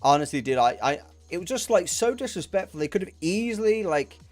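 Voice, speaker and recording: A young man rants and swears through his gaming stream, stumbling over and repeating his words in frustration. His voice sits somewhat high for a man, and faint game music plays under him. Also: very animated, a little fast, darkish tone. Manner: angry, profane, repeats himself. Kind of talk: ranting chat while streaming a game.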